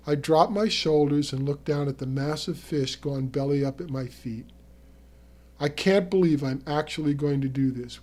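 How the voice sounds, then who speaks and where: A man's voice: fairly high pitch, dark tone. A man telling a vivid first-person story as narrator of an audio tale.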